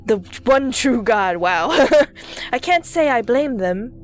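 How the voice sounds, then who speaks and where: A woman's voice: on the high side, animated, slow pace, a little hiss or hum. A woman voicing a pompous elderly man with a British accent who claims to be God. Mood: haughty. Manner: smug, self-important, condescending.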